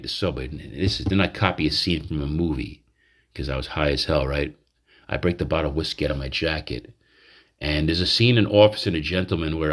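This podcast host's low, slightly bright voice carries a manic, confessional monologue that wanders and keeps restarting as he interrupts himself.

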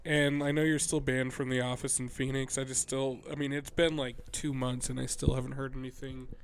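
A man's voice: mid-range voice, level tone, brisk, slight background noise. A man co-hosting a podcast in casual chat, a bit nasally and under the weather, laid-back and profane. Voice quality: nasally from a cold. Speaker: podcast co-host.

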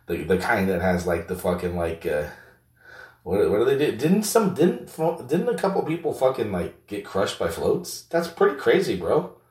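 A man's voice: fairly low pitch, very animated, moderate pace, darkish tone. A man putting on a crude, teasing buddy's voice who mocks him and swears constantly, in a comedic self-dialogue. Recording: roomy echo, distant mic.

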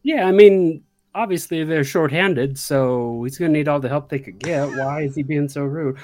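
A man guesting on a comic film-review podcast, answering with dry, sarcastic quips. His voice sits slightly high. Faint music runs underneath. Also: moderate pace, darkish tone, dry recording.

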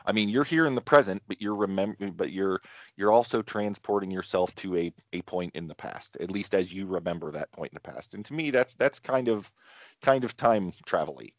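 A middle-aged man with a very low voice co-hosts a podcast and chats casually. He wanders through his stories, restarting and correcting himself as he goes. The dry, dull, lo-fi recording has no room sound. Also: brisk, no echo. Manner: rambling, self-interrupting storyteller with many restarts. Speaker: podcast co-host. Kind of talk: casual chat.

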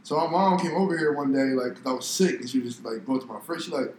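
A young man chatting casually and trading joking stories at an easy pace. His pitch is middling. The room is echoey, with a faint hiss underneath. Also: fast, a little mellow. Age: young adult. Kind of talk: casual chat.

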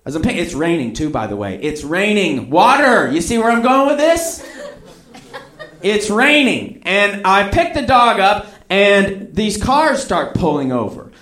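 A man's voice: high voice, very animated, a little slow, a bit bright. A man telling a rambling personal anecdote, acting out the voices of the people in it. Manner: rambling, acts out quoted voices. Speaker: storyteller. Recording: roomy echo.

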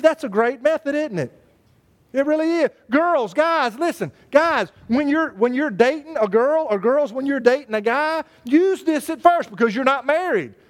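Male pastor, high voice, folksy preaching, jokes with the congregation. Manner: folksy, joking, addresses congregation by name. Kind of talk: sermon.

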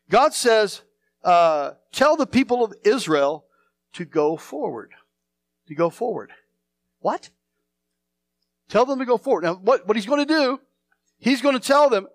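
Lively high-voiced man preaching a sermon. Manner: emphatic, repeats phrases, swings between loud and hushed. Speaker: pastor.

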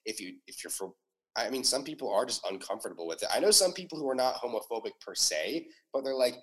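A young man co-hosting a podcast, chatting casually and animated, swearing a lot and laughing often. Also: mid-range voice, quick pace, breathy edge. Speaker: podcast co-host. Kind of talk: casual chat.

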